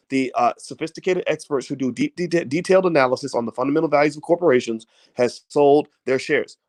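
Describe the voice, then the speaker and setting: A man talking through a casual finance livestream in a fairly high voice that swings widely up and down. His delivery is animated and preachy, full of folksy everyday comparisons and lines repeated for emphasis. The sound is dry and close. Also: no room sound. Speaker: finance commentator.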